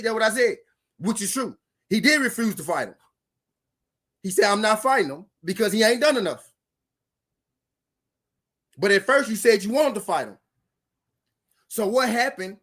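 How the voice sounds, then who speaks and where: A man's voice: high voice, expressive, a little fast, long pauses, fairly bright tone. A man hosting a boxing commentary channel, ranting casually and heatedly to his viewers, repeating himself and swearing. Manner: repetitive, profane, heated, talks straight to viewers. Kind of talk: casual reaction rant.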